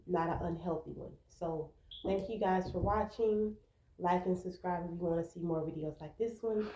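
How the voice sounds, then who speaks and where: A woman's voice: fairly low pitch, mellow, reverberant, low-quality recording. A woman vlogger talking to camera, giving earnest relationship advice and acting out quoted arguments. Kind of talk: casual advice talk to camera.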